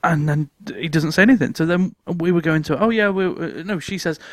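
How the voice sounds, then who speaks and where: High-voiced man telling a story with laughs. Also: brisk, dry recording. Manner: laughs often while telling stories. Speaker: podcast co-host. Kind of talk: casual chat, storytelling.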